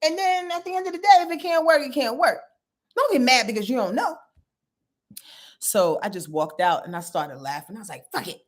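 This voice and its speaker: A middle-aged woman talking casually to her livestream viewers as their astrologer. Her voice sits a little high for a woman. She is blunt and animated, swearing freely and telling stories in a loose, chatty flow. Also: fairly quick. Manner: blunt, animated storytelling with profanity and laughs. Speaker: astrologer and tarot reader.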